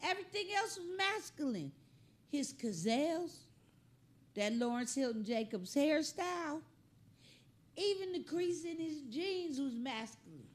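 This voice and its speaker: A woman hosting a comedy reaction show, riffing on clips in an animated, joking, slangy way. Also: high voice, a little slow.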